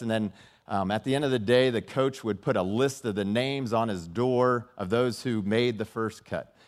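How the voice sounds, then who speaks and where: A middle-aged man preaching a sermon, telling a personal story and acting out the dialogue in it. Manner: storytelling, acts out dialogue with rising and dropping pitch. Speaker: pastor.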